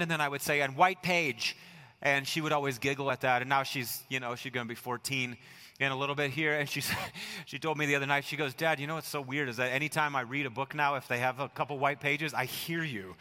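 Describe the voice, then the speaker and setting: A middle-aged American man preaching a sermon, telling family stories in a relaxed way and dropping to a soft hush to stress a point. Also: medium pitch, clear, resonant tone, in a large hall. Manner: conversational storytelling, dropping to soft near-whispers for emphasis. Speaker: pastor. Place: church sanctuary.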